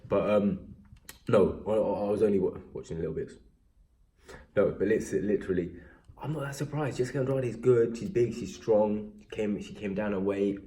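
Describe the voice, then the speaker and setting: Rambling, mellow-voiced English man. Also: fairly low pitch, moderate pace. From England. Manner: rambling, self-deprecating, animated when excited. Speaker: MMA vlogger. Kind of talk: casual recap chat.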